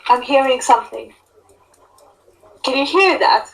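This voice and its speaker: A woman playing a tabletop game, chatty and quick to joke and laugh. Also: high voice, expressive, creaky, low-quality recording. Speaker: player. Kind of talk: casual tabletop game chat.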